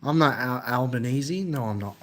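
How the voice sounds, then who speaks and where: A man's voice: medium pitch, animated, fairly bright tone. Australian man chatting on a live stream. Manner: repetitive, halting, answers chat comments. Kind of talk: casual live stream chat.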